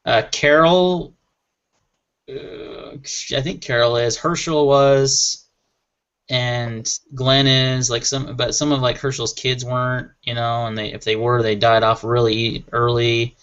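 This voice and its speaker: A man's voice: medium pitch, little pitch movement, slow pace, fairly bright tone, clean tone. Rambling, enthusiastic man on muffled audio. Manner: rambling, enthusiastic, laughs often. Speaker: panel member on a gear chat show. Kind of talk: casual chat.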